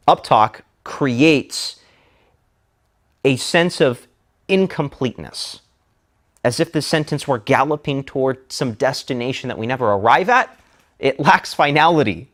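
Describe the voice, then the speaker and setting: A male public speaking instructor delivers a scripted lecture. His delivery is measured and deliberate, and he slows down for emphasis. His voice sits at an ordinary middle pitch. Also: lively intonation, a bit bright.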